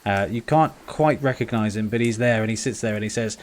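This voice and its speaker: A man narrating a tabletop role-playing game as game master, casual and brisk with fillers. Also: on the low side.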